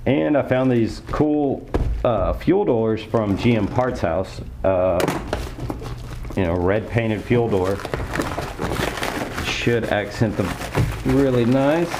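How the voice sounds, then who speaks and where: A man's voice: mid-range voice, expressive, slow, pauses often, heavy background noise. A man casually talking viewers through a car part install, upbeat and folksy. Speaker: car enthusiast vlogger. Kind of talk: casual how-to talk.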